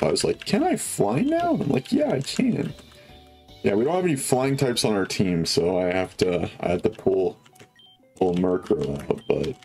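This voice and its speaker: A man's voice: sits low, a little mellow. A young man hosting a video game let's play, chatting casually and upbeat with viewers, full of fillers. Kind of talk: casual gameplay commentary.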